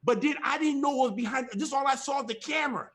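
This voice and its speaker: A man's voice: very high-pitched, quick pace, fairly bright tone. A middle-aged man speaking from home as a guest on a ministry talk show, giving an impassioned testimony in an emphatic, repetitive, preacherly cadence.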